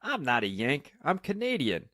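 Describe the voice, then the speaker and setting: Brief: a man playing a cheerful half-deaf old Canadian, pitched up, shouting his lines, dry close sound. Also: huge pitch swings, normal speed, no room sound. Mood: loud, puzzled. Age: older. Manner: loud, raised pitch, repeats himself. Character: hard-of-hearing elderly Canadian man, cheerful.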